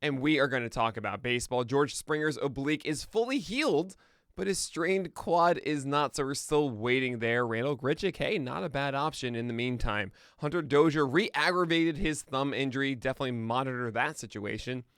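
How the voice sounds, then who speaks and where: Live from his home studio, an American podcast host opens his morning show with casual chat and then moves through the day's news. He's chatty, self-deprecating, and laughs at his own jokes, speaking expressively at a moderate pace with a medium pitch and a fairly bright, clean tone. It's a dry, studio-quality recording.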